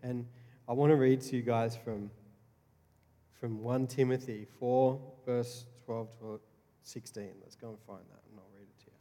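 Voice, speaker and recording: Earnest male pastor, mellow tone, sermon with heavy repetition; church-hall reverb. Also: mid-range voice, fairly even intonation, moderate pace. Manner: earnest, repeats key phrases, frequent restarts.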